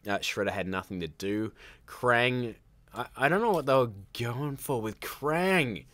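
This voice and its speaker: A man's voice: mid-range voice, unhurried, a bit bright. A man hosting a live stream from home, chatting casually and rambling through his opinions, often stopping and restarting his sentences. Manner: rambling, opinionated, self-interrupting. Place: at home by a computer, child nearby.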